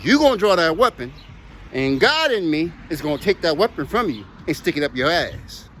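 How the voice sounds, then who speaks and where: A man with a high voice that swings up and down a lot talks casually while walking outside. He rambles, says things again for emphasis, and speaks with force. Faint street traffic hums behind him. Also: sing-song, moderate pace, fairly bright tone. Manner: rambling, emphatic, repeats himself. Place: outdoors on a walk.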